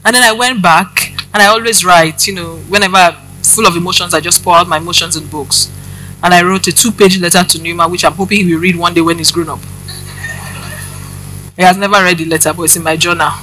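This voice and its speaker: A woman's voice: on the low side, fairly even intonation, a little fast, sharp tone, faint music behind, low-quality recording. A woman preaching, giving a personal testimony and addressing the congregation directly with questions.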